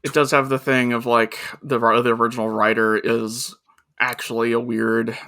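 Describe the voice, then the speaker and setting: A man co-hosting a podcast, blunt and halting, often restarting his sentences. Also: medium pitch, level tone, gravelly, bright, forceful tone. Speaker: podcast co-host. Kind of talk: casual chat.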